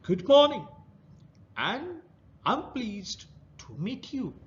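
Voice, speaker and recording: A man's voice: extremely high pitch, big pitch swings, takes it slowly, lo-fi sound, voice pushed up, heavily acted. A man putting on a sly, falsely sweet monster crab. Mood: falsely polite.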